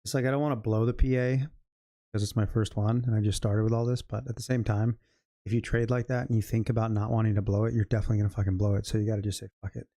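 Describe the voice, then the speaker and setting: A man's voice: lowish voice, flat delivery, quick pace, warm tone, dry recording, studio quality. A man live-streaming his day trading, talking loosely to himself and his chat and swearing freely. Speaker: day trader livestreaming.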